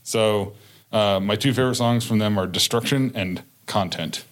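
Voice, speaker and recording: A man's voice: fairly low pitch, moderate pace. A man co-hosting a casual chat who rambles and corrects himself as he recommends songs. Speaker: podcast co-host.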